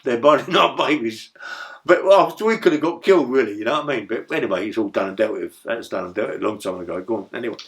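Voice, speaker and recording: A man's voice: mid-range voice, quick pace. Rambling, profane older man. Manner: rambling, profane, tag questions like "yeah?". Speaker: interview guest. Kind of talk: storytelling in a casual interview.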